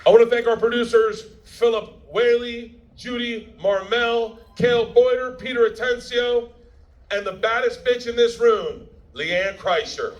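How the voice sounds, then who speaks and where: A man's voice: extremely high pitch, measured pace, muffled recording, a little hiss or hum. A man giving a speech at a premiere, telling a story in a brash, profane, laughing way and acting out the quotes. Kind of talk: stand-up style storytelling speech.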